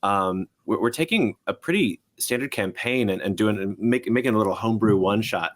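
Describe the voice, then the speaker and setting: A man running a tabletop game as game master, upbeat and quick to laugh. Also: fairly low pitch.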